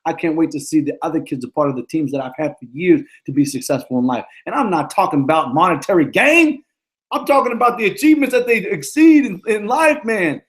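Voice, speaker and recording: A man's voice: a little high, animated, brisk. A middle-aged man, a football coach, giving a motivational talk in an emphatic, repetitive, slangy way.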